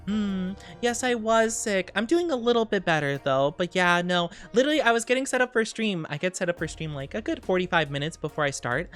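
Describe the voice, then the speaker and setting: A woman's voice: mid-range voice, lively intonation, brisk, few pauses, soft background music. A young woman streamer talking casually while sick and dizzy, giggly, rambling and self-conscious. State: sick, dizzy, under the weather. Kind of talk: casual chat.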